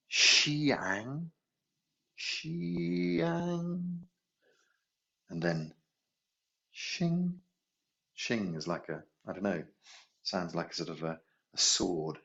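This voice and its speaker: A man teaching a healing class, gently guiding breathing and chanting tones. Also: deep voice, dull audio. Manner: slow, gentle guidance with sung tones. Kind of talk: guided meditation class.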